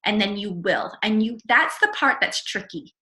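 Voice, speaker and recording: A woman's voice: mid-range voice, expressive, normal speed, bright, forceful tone. Earnest woman in a roomy-sounding room. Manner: earnest, encouraging, repeats key phrases. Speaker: network marketing leader. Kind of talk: motivational mindset talk. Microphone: video call.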